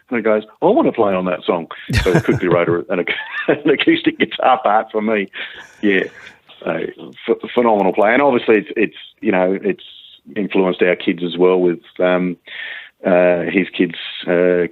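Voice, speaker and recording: A male guitarist chatting in an interview, halting, with many restarts and fillers. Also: low voice, dry recording. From Australia. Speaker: guitarist guest. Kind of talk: casual interview chat. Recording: tinny phone-like line.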